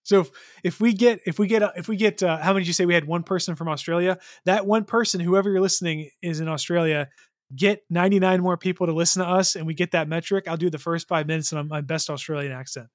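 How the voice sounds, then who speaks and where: A man's voice: high voice, fairly even intonation, fast talker, dry recording, clean studio sound. A man co-hosting a podcast, talking casually and rambling with many restarts. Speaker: podcast co-host. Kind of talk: casual chat.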